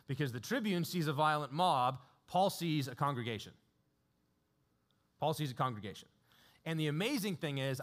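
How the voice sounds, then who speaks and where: A man with a medium-pitched voice preaches a sermon like he's telling a story, relaxed and conversational. He chuckles often and leans heavily on fillers.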